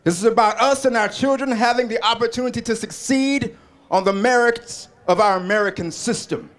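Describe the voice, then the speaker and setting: A man's voice: extremely high pitch, a little fast, fairly bright tone. A man delivering an impassioned political rally speech, building rhetorical repetitions and leading the crowd in call-and-response chants. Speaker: rally speaker.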